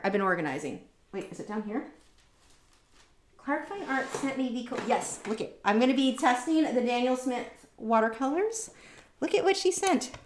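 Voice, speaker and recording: A woman hosting a casual art livestream, rambling chattily and reading out viewer comments. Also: high voice. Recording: roomy echoey room.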